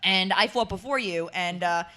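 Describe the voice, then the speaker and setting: A woman hosting a podcast, telling an animated, laughing story about her old boxing days. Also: fairly low pitch, moderate pace. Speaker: podcast host and former boxer. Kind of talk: casual storytelling chat.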